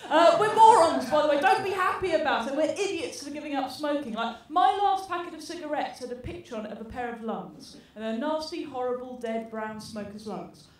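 A woman's voice: high-pitched, lively intonation, a little fast, hardly any pauses. A woman from England doing a stand-up comedy set on a theatre stage, teasing the audience in a brash way. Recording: roomy theatre sound from a distance. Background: audience laughter.

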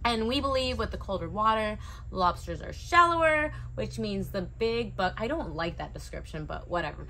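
A woman's voice: mid-range voice, expressive, normal speed, bright, forceful tone, slight background noise. A woman co-hosting a dive shop video newsletter, chatting casually and tossing in wry asides. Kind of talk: casual promotional newsletter chat.

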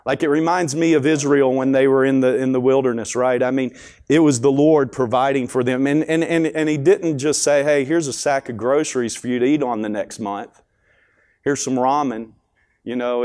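A man's voice: medium pitch, darkish tone. Male school chapel speaker; conversational sermon, mid-range voice. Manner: folksy, conversational storytelling.

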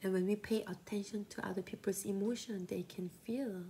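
A young woman with a Korean accent, a native Korean speaker, teaching counseling skills in a slow, gentle, often whispery voice. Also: mid-range voice, fairly even intonation, a little hiss or hum. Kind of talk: soft-spoken teaching talk.

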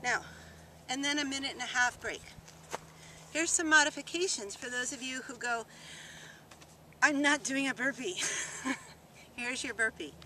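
A high, bright-voiced woman coaches an outdoor workout, upbeat and encouraging as she walks through each exercise. She is recorded outdoors in the countryside on a camera mic. Faint background noise sits behind her. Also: normal speed, pauses often. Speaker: fitness instructor. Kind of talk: workout demonstration. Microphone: camera mic held by a cameraman.

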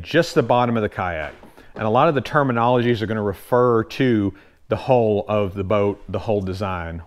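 A man with a Southern US accent, hosting his kayak channel and explaining gear terms in a relaxed, folksy way with loose fillers. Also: mid-range voice. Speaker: kayak channel host and retailer. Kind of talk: casual instructional explainer.

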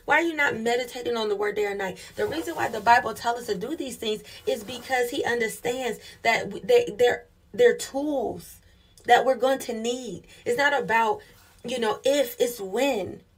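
Female preacher, husky tone, fervent sermon delivery with call-outs to the congregation. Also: fairly high pitch, normal speed.

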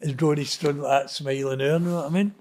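A man's voice: on the high side, fast talker. A man with a Glaswegian Scottish accent, telling a story as an interview guest and acting out the dialogue. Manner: animated, acts out quoted dialogue. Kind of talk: casual storytelling.

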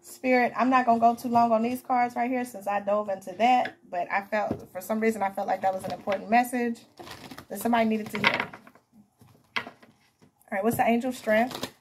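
A woman's voice: fairly high pitch, little pitch movement, fairly quick, background noise. A woman giving a casual tarot reading to camera, chatty and emphatic, calling her viewers honey and baby. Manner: emphatic, repeats herself. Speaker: tarot reader.

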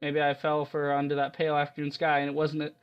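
A man reading the lines of a quiet, dreamy teenage schoolboy narrating his memories in a soft, reflective way. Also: fairly high pitch, monotone, quick pace, clean tone, lo-fi sound, lightly acted.

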